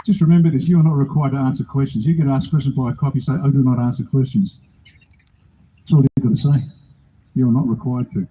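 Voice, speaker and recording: A man's voice: mid-range voice, steady tone, fast talker, slightly rough, highs cut off. An older man with an Australian accent, giving a blunt, rousing, joking speech at an outdoor rally. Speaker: political speaker at a rally.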